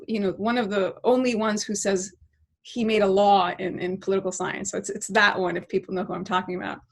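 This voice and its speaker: A middle-aged woman, a political science professor and podcast guest, telling a reflective story in long, winding sentences and often checking in with "right?". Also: a little high.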